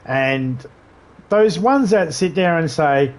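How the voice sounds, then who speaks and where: A man's voice: a little high, lively intonation, takes it slowly. Crude, rambling male game streamer. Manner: crude, rambling joking with frequent laughs. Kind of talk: casual live-stream banter.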